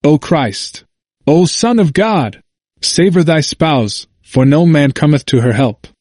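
A man's voice: mid-range voice, moderate pace, a little mellow, no echo, clean studio sound, natural voice. A man doing a whining old bishop. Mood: sorrowful. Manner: whining, pleading.

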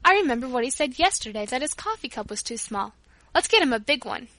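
A woman voicing an eager, generous little girl in a storybook reading, speaking in high, excited exclamations. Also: fast, dry recording, full character voice.

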